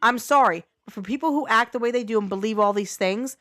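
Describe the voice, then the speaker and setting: A woman's voice: a little high, quick pace, sharp tone, dry recording, studio quality. A woman streaming a game live, talking blunt and unfiltered to her chat and swearing freely.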